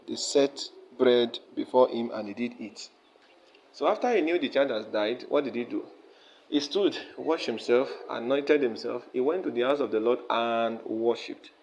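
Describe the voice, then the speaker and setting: A man's voice: medium pitch, a little hiss or hum. Male pastor, mid-range voice, mid-sermon, alternating scripture reading with plain retelling. Slightly muffled, lo-fi recording. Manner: reads old-style verses aloud, then retells them plainly, checking in with listeners.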